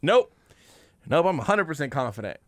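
A man hosting a sports talk radio show, delivering brash, animated hot takes at a rapid clip. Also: on the high side, no room sound. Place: radio studio.

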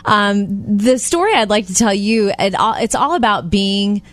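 A woman's voice: mid-range voice, lively intonation, a little slow, dry recording. A woman co-hosting a radio show, telling stories in casual chat with frequent laughs and giggly asides. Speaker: radio co-host.

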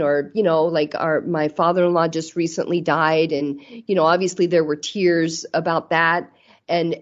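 A woman's voice: fairly low pitch, dull audio. A middle-aged woman talking earnestly and reflectively about parenting in a casual conversation, the mother of grown children. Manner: earnest, reflective, acts out quoted mom voices. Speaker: guest.

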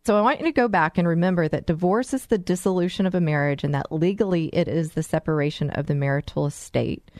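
A woman's voice: fairly low pitch, fast, few pauses, darkish tone, no echo, clean studio sound. Earnest woman hosting a radio talk show. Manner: earnest, encouraging, storytelling.

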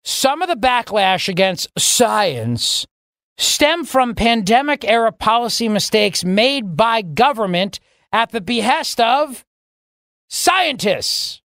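A man's voice: very high voice, big pitch swings, slow pace, a bit bright, no echo, studio quality. A man hosting a talk radio show, delivering a sarcastic, opinionated monologue and acting out mock dialogues.

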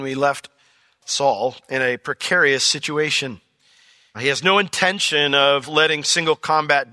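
A man pastor teaching a verse-by-verse sermon in a conversational, animated way, acting out quotes with sudden jumps in pitch. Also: dry recording, clean studio sound.

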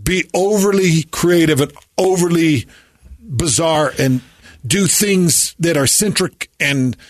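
A man's voice: on the high side, slow, no room sound. Man chatting casually about sports. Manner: chatty, animated retelling with voiced impressions. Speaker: co-host.

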